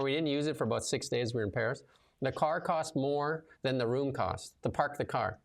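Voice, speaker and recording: Speaking at an ordinary pace, a man with a creaky, mid-range voice hosts a laid-back livestream chat. He's a show host and commentator who rambles loosely through lively stories, using many fillers.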